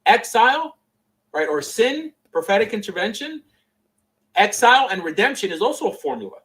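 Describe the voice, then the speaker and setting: A man with a Miami accent hosting a livestream, explaining with animated emphasis. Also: high-pitched, moderate pace, recorded from a distance, rough recording. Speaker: host. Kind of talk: livestream debate and teaching.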